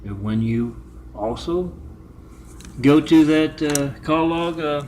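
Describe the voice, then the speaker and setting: A man's voice: on the high side, slow, darkish tone, slight background noise. A man talking in a long, digressive monologue, often stopping to spell out numbers and web addresses letter by letter. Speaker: video maker. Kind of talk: rambling monologue.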